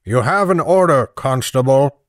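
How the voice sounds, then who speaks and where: A man reading the part of a stern town constable in an audiobook, speaking in a grave, measured way. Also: mid-range voice, lively intonation, no echo, clean studio sound, close to an everyday voice. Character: stern middle-aged male town constable.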